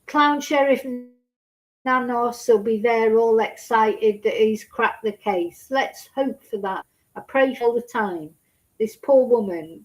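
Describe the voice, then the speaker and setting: Woman, true crime vlogger, indignant, sarcastic, slightly high pitch. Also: rough recording. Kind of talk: casual commentary to camera.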